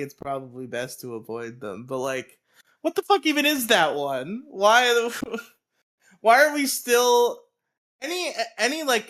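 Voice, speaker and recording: A man co-hosting a podcast, his voice sitting at an everyday middle pitch. He talks in loose, rambling riffs, profane and animated, like a casual chat among friends. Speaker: podcast co-host.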